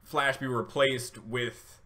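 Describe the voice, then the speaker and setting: A man's voice: medium pitch, fairly even intonation, slow pace, pushed and bright. A man hosting a casual reaction video, rambling with many fillers and restarts, and getting emotional at times. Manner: emotional, laughing through tears.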